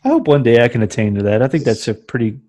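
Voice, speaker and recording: Young male co-host; husky, mid-range, quick crude wisecracks. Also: medium pitch, animated, warm tone. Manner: laughing, wisecracking, stammers. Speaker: podcast co-host. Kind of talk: crude casual movie commentary.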